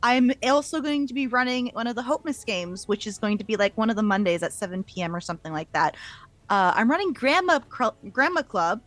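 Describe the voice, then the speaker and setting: A woman chatting loosely at the end of a tabletop game stream, casual and offhand with a touch of cursing. Her voice sits a little higher than most. She rambles easily between plugs. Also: lively intonation, fairly quick, a bit bright. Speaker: player. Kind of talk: casual chat.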